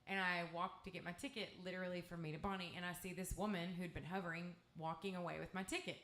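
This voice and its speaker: A woman with an East Texas accent spins a candid, salty, meandering story between songs. She talks at a slightly low pitch through a stage microphone. Her voice rings around an echoey live club room. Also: fairly even intonation, quick pace, a bit bright. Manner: candid, profane, rambling storytelling. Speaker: guest singer-songwriter.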